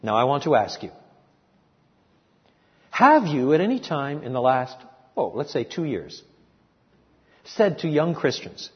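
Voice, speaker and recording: Husky older preacher in echoey hall. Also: male voice, on the high side, a little slow, long pauses, dull audio. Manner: animated, rising to emphatic rhetorical questions, many restarts. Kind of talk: expository sermon.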